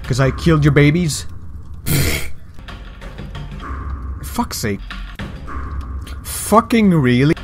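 A man hosting a game video, reacting with excitable, profane outbursts. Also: medium pitch, slow, pauses often, soft background music. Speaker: gaming video host. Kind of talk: let's play commentary.

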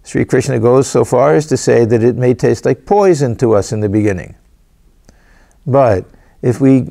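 A man, a swami, reading scripture aloud and explaining it in a gentle way, often repeating and restarting his phrases. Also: medium pitch, vocal fry. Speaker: swami giving scripture commentary. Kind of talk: reading with spoken commentary.

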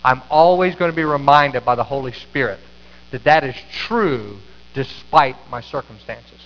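A man's voice: mid-range voice, normal speed. A middle-aged man preaching a sermon as pastor, telling a story with many restarts and fillers in a church sanctuary. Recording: echoey sanctuary, slightly dull sound.

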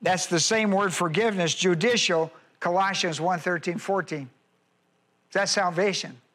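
A male pastor teaching a Bible study, repeating key phrases and slowing down to stress words. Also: high-pitched, fairly bright tone.

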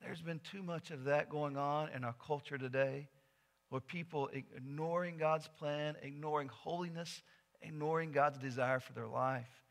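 A male pastor delivers a sermon in a church, earnest and story-driven. His voice sits a little high and sounds bright and forceful, shifting between hushed and loud moments. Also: fairly even intonation, measured pace, creaky. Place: church sanctuary.

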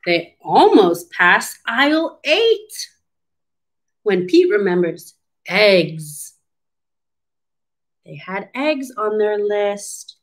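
Slow, sing-song woman teaching children. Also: mid-range voice, very animated. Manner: slow, encouraging, asks the listener questions. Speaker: speech therapist reading to children. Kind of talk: children's storybook read-aloud lesson.

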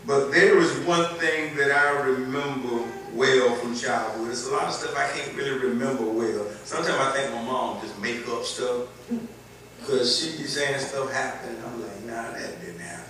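A man's voice: mid-range voice, unhurried, pushed and bright, a little hiss or hum. A male pastor with a Southern accent preaching a sermon, scattering amens and building to emphatic lines. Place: church sanctuary. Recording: echoey church, heard from far off.

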